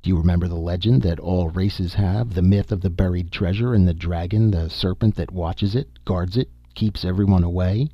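A man reading a grim, measured expedition leader. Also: low voice, no echo, highs cut off. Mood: knowing. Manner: measured, explaining.

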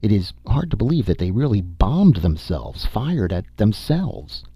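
A man's voice: on the low side, big pitch swings, unhurried, mellow, slightly rough, no echo, clean studio sound, voice pushed up, full character voice. A man voicing a woman space explorer, speaking in clipped, irritable lines in an audiobook. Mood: grave. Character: female space explorer, sharp and bitter.

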